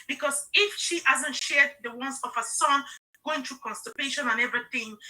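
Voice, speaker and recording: This is casual live-stream sales talk from a middle-aged woman whose fairly high voice comes across bright and forceful despite a rough recording. Her manner is earnest and personal, built on emotional storytelling, and she keeps checking in with "okay?"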